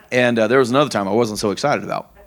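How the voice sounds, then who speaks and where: A man's voice: medium pitch, quick pace. A middle-aged man preaching a sermon as pastor, telling homespun stories with a folksy, repetitive manner and informal grammar. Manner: folksy storytelling, repeats phrases.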